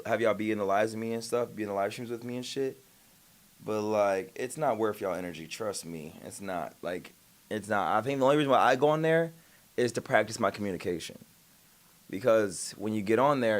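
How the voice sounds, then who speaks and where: A young man on a casual livestream, retelling an argument in a rambling, profane way, with many restarts and admitting he stutters sometimes. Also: fairly low pitch. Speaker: streamer.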